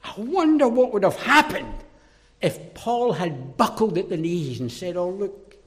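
A man preaching a sermon, emphatic and forceful, dropping into low mocking asides. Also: very animated, measured pace. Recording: reverberant hall.

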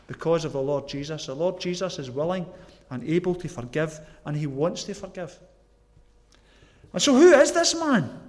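A man from Scotland with a Glasgow accent preaching a sermon, earnest and emphatic, asking the listeners questions. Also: sits high. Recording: long echoey hall reverb.

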